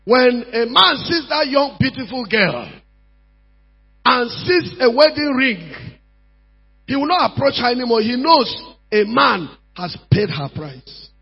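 A pastor preaching a sermon, emphatic and repetitive, swinging from quiet talk to shouting. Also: male voice, extremely high pitch, very animated, measured pace, gravelly, slightly rough. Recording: dull lo-fi recording with mains hum.

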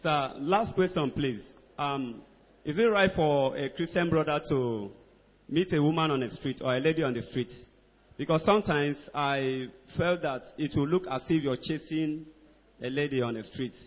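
Man in the congregation, hesitant and polite, slightly high voice, dull distant recording. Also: normal speed. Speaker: congregation member asking a question. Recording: distant, dull audio in a reverberant hall.

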